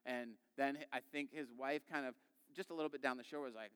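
A man in his thirties preaching a sermon in a relaxed, conversational way, acting out quick quoted voices as he tells stories. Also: medium pitch, clear, resonant tone. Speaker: pastor. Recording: long reverb of a large hall.

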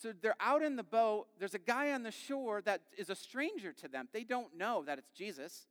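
A man in his thirties gives a sermon in a chatty, storytelling manner, slipping into little quoted voices. His voice sits fairly high and comes through smooth and resonant. The sound rings with the long reverb of a big hall. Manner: conversational, animated storytelling with quick quoted voices. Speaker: pastor.

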